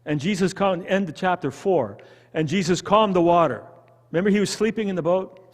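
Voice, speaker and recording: A man with a Canadian accent leading a church Bible study, talking in an animated, conversational way and putting questions to the group. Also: sits high, fairly quick, big-room sound. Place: church hall.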